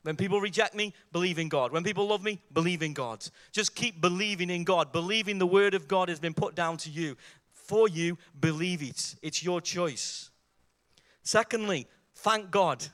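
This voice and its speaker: A man's voice: sits high, normal speed, fairly bright tone. A man preaching a sermon, emphatic and fervent, driving his points with rhetorical questions and repeated exhortations.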